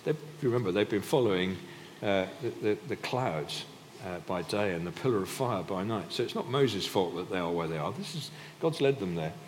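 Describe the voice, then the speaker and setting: Deep-voiced man preaching in a hall. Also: expressive, a little fast. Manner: conversational, with frequent restarts and filler. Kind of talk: sermon. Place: church hall. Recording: reverberant hall, faint background noise.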